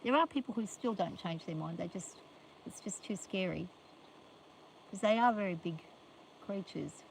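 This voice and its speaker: A woman's voice: medium pitch, normal speed, creaky, a little hiss or hum, low-quality recording. An older woman livestreaming from her farm in a chatty, rambling way, talking to viewers and scolding her animals playfully. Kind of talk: casual livestream chat. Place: outdoors on a farm.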